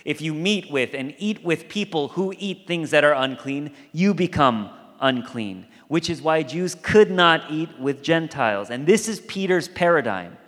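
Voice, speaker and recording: A man's voice: fairly high pitch, lively intonation, measured pace, hardly any pauses, fairly bright tone. A male pastor delivering a sermon in a conversational, storytelling way. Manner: conversational storytelling, acts out quoted voices. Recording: long hall reverb.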